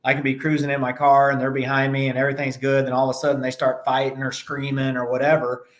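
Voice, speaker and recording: A man talking as a podcast guest in casual conversation, animated and acting out little anecdotes in other voices. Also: medium pitch, fast.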